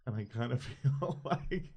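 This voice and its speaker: A man chatting as a podcast guest, telling rambling anecdotes in an animated way. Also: medium pitch, unhurried, gravelly, husky. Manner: animated anecdotes, acts out quotes; loose, rambling with fillers. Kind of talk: casual storytelling chat.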